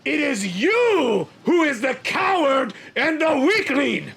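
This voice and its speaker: A man playing a furious male Northern pirate officer, shouting accusations in a raised voice. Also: extremely high pitch, big pitch swings, slow, gravelly, slight background noise, voice pushed up, full character voice.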